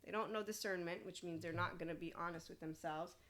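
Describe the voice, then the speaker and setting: A woman's voice: on the low side, steady tone, fairly quick, a bit bright. Blunt, opinionated woman podcaster. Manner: blunt and opinionated, swears freely; reads an AI answer aloud and responds to it. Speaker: podcast host. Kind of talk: spiritual self-help monologue.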